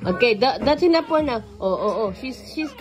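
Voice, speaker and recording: A woman's voice: on the high side, animated, brisk, music in the background. A woman with a Filipino accent, a mother giving playful, casual family vlog commentary and mixing in Tagalog phrases.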